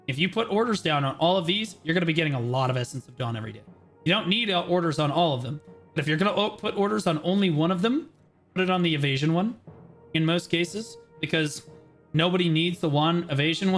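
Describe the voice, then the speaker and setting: Brash fast-talking male streamer, game music behind. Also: fairly high pitch, a bit bright. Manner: brash, profane, explains in quick bursts with many "okay"s. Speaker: streamer giving a game gearing guide. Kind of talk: casual livestream commentary.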